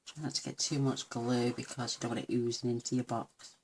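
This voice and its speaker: A woman's voice: a bass voice, level tone, brisk, darkish tone, slight background noise. A woman giving a chatty, homely papercraft tutorial at her craft table, full of self-deprecating asides. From United Kingdom. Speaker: papercraft demonstrator.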